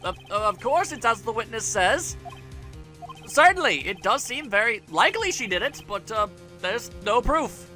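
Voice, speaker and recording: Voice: medium pitch, big pitch swings, normal speed, bright, forceful tone, faint music behind. Ein Sprecher spielt einen aufgeblasenen Staatsanwalt in einem Videospiel, der zögert und um Worte ringt. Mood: stalling. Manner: stalling, pompous, fumbling. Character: hesitant, pompous male prosecutor.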